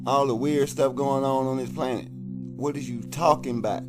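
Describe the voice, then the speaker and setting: A man's voice: mid-range voice, steady tone, moderate pace, over music. A man hosting a reaction video, giving slangy, emphatic advice in casual commentary.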